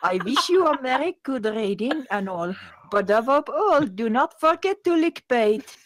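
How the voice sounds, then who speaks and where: A woman's voice: sits high, big pitch swings, measured pace, no room sound, pitched above the performer's own voice, rough recording. A woman voicing a chirpy French forum poster in a put-on French accent, with stilted, overly formal phrasing. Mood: mock formal. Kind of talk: comedy reading of a forum post.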